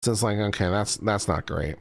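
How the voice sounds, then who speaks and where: A man's voice: lowish voice, fairly quick, vocal fry. A man hosting a legal commentary stream, explaining rules to viewers over and over in a patient but mildly exasperated teaching manner.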